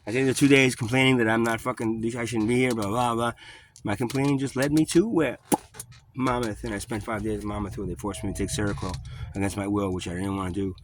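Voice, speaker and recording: A man telling a story in a rambling, profane way, with many halting restarts. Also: lowish voice, fairly even intonation, noisy background. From New York. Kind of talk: casual storytelling vlog.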